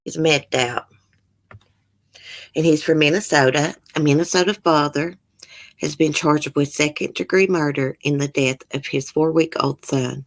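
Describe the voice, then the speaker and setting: Woman, low voice, channel host, casual true-crime commentary, emotional, blunt. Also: a little slow. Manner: emotional, reads news aloud and comments bluntly.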